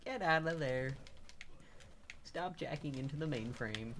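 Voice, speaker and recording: A man streaming live gameplay, rambling to himself and his chat, swearing and breaking into loud frustrated outbursts. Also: fairly high pitch, expressive, a little slow, a little hiss or hum. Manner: self-talk with teasing asides.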